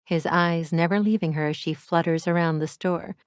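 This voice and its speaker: A woman reads a first-person romance audiobook with a candid, self-mocking wit. Her voice is somewhat low, and the recording is dry with no room sound. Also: fairly even intonation, moderate pace, smooth, no room sound. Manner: wry, candid, self-deprecating. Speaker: audiobook narrator.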